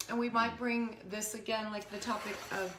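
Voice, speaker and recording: A woman's voice: on the high side, little pitch movement, moderate pace, reverberant, noisy background. A middle-aged woman co-hosting a casual cooking vlog, chatty and giggly, sometimes talking with her mouth full. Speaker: co-host. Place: home kitchen.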